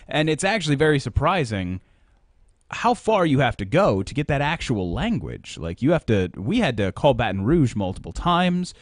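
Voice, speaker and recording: A man's voice: mid-range voice, sing-song, moderate pace, no room sound, studio quality. A male radio co-host making wry asides and explaining research in casual chat on air. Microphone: studio microphone.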